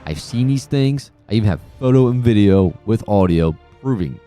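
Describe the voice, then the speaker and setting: A man's voice: fairly low pitch, animated, normal speed, warm tone, faint music behind. A man hosting a horror gaming channel, telling a personal story in a casual vlog with earnest, emphatic insistence that it is true.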